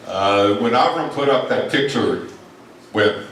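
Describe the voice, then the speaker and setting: A man's voice: medium pitch, animated, takes it slowly, a bit bright. A man at a reunion, reminiscing about his school days in a wry, self-mocking speech. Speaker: reunion speaker sharing memories. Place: large echoey hall at a reunion. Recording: echoey hall, distant mic, crowd.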